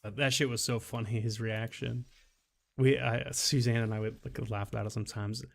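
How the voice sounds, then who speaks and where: A man chats casually while he plays a game, drifting from one anecdote to the next. His voice has a gravelly, fry-laden edge at a middling pitch. He stumbles and restarts often, and chuckles at his own stories. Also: flat delivery, normal speed. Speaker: game streamer. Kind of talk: casual storytelling while gaming.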